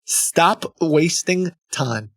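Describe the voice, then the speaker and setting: A man's voice: on the high side, animated, very slow, no echo, clean studio sound, voice pushed up, exaggerated voice. A man reading as a reproachful lovelorn woman. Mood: offended. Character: pleading, reproachful woman writing love letters.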